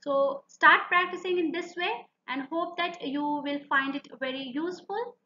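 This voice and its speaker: A woman's voice: sits high, normal speed, bright, forceful tone, a little hiss or hum. A woman with an Indian English accent teaching exam speaking tips in an earnest way, repeating her advice for emphasis. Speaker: IELTS speaking tutor. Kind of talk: instructional video lesson. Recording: echoey room, slightly dull sound.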